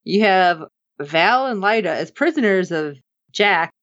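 Woman podcast co-host, lively and expressive, slightly dull lo-fi sound. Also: unhurried. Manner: animated, acts out characters' lines with big pitch jumps. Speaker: podcast co-host recapping an episode. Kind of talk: casual chat.

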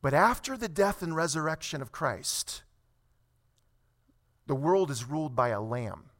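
A man preaching a sermon, reading scripture slowly and then building to emphatic points. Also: fairly high pitch, animated, a bit bright. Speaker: pastor.

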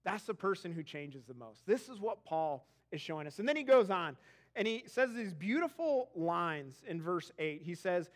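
High-voiced animated male pastor. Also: normal speed. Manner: animated storytelling with frequent repeated words. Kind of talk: sermon. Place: church auditorium.

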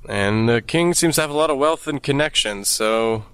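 A man's voice: mid-range voice, animated, moderate pace, a bit bright, clean tone, dry recording. A man playing a tabletop game, arguing bluntly and pragmatically. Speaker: player. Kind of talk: tabletop role-play.

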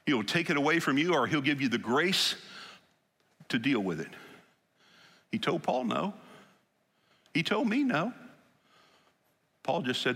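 Brief: male preacher, lively storytelling sermon, acts out scripture lines, ringing hall reverb. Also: on the high side, unhurried, vocal fry, long pauses, husky. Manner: animated storytelling, acting out scripture quotes. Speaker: pastor.

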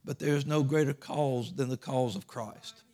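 A man's voice: medium pitch, measured pace, dark tone. A middle-aged man with a Georgia Southern accent preaching a sermon in an earnest, folksy way, often repeating words.

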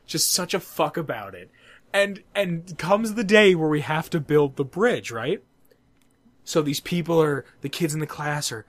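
Young male podcast co-host, slightly high voice, loose and profane storyteller. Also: animated, a little slow, no room sound. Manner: rambling, profane, laughs at his own jokes. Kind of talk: casual storytelling chat.

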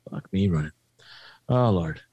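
A man's voice: deep voice, animated, a little slow, dark tone, slightly rough, dry recording, lo-fi sound. A man in casual movie chat who talks bluntly and swears freely.

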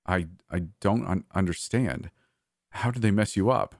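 A man's voice: low-pitched, unhurried, vocal fry, dry recording, clean studio sound. A man voicing a terrified, confused man who stammers and halts in panic. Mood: panicky.

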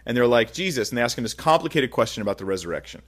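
A man preaching a sermon, teaching verse by verse from scripture with animated, rising and falling emphasis. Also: mid-range voice, very fast. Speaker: pastor.

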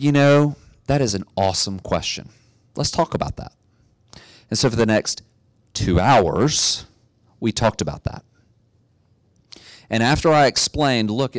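A middle-aged man preaching a sermon, telling a story in a relaxed way and building to emphatic exhortation. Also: lowish voice, no room sound. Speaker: pastor.

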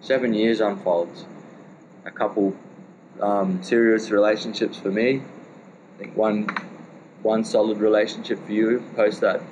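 An Australian man in his thirties, casually telling a shared story in a rambling, halting way with some swearing. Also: on the low side, level tone, a little mellow, lo-fi sound, slight background noise. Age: 30s.

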